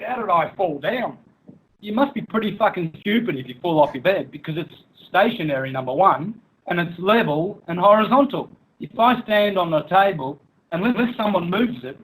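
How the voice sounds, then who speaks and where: A man's voice: sits high, low-quality recording. A man ranting angrily as a guest in an online interview, mocking, cursing and laughing scornfully, with threatening turns. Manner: menacing, threatening. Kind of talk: angry rant in an online interview.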